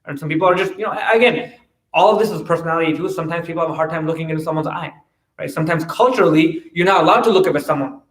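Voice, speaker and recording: A man giving a casual religious talk, full of restarts and quick "right?" asides. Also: on the high side, fairly bright tone. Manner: conversational, many "right?" tags and restarts. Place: mosque hall. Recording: roomy, distant mic.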